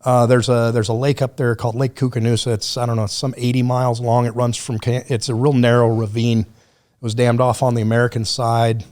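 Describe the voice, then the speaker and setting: A man's voice: medium pitch, flat delivery, fairly quick, a little mellow. A man as a podcast guest, telling stories in a blunt, laid-back way with plenty of swearing. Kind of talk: casual storytelling chat.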